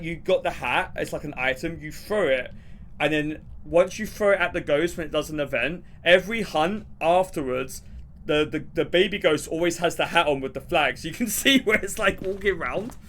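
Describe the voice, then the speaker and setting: Young man, game streamer, rambling, animated, laughs often, bright voice, slightly high pitch. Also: a little hiss or hum. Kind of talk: casual gameplay commentary.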